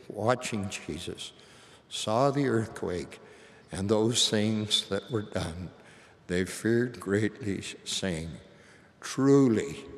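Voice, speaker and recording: An older man preaching a sermon to a large assembly in a slow, solemn and reverent way. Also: fairly low pitch. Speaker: church leader. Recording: long hall reverb.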